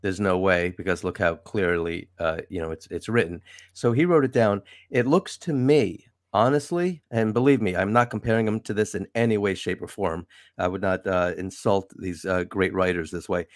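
A lower-voiced man talking as a guest analyst in a relaxed conversation. He speaks emphatically, and his pitch jumps up to stress his points. The sound is close and dry. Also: moderate pace, dry recording. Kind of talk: casual chat.

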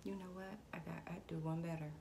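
A woman's voice: on the low side, steady tone, fast talker, creaky, warm tone. A woman giving a casual tarot reading to camera, chatting straight to her viewers and calling on spirit. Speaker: tarot reader. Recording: echoey room with background noise.

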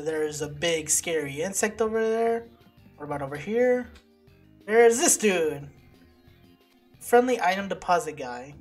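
A woman giving casual gameplay commentary, excitable and swearing as she reacts to setbacks. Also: on the low side. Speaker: let's play gamer. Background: game music.

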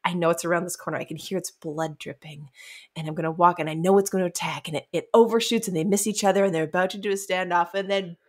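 A woman's voice: fairly low pitch, steady tone, fast talker. Woman vividly retelling a book scene. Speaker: podcast co-host. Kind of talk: casual book club chat.

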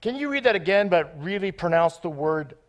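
A man preaching a sermon in an excitable, off-the-cuff way, joking with the congregation between scripture readings. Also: high voice, fairly quick, highs cut off. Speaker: guest preacher.

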